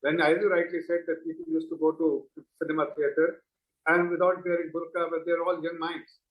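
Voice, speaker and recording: A man speaking as a political spokesman on a TV panel, measured and earnest. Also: on the high side, level tone. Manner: measured, earnest, halting with fillers. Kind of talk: TV panel debate. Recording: echoey dull remote audio link.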